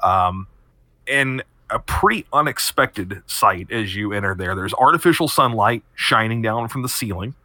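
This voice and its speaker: Guy game master narrating, bright voice, kinda low, dry close mic. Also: animated, moderate pace, dry recording. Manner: descriptive, many fillers, laughs often. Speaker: game master and podcast host.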